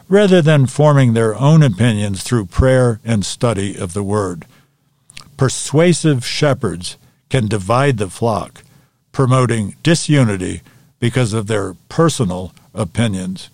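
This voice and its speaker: Man, Bible study teacher, measured and methodical, mid-pitched voice, dry close sound. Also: a little mellow, no echo. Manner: measured, methodical reading of questions and answers.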